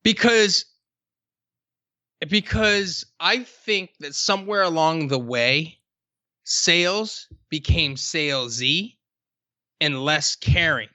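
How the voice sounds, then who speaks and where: A man talking casually on a podcast, telling stories with emphatic, drawn-out stresses. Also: a little high, lively intonation, bright, forceful tone, no room sound.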